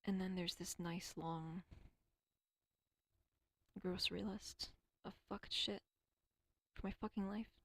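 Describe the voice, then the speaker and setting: A woman's voice: fairly low pitch, fairly even intonation, slow, pauses often, a bit bright, no room sound. A woman rambling alone on a casual stream, swearing often, stumbling over words and dropping into whispers now and then. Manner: rambling, profane, self-deprecating.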